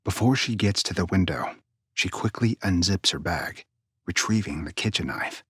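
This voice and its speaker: A male narrator reads a suspense story in a hushed, breathy voice that sinks near a whisper. His low tone has a bright, forward edge. The sound is close and dry. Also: expressive, moderate pace, dry recording.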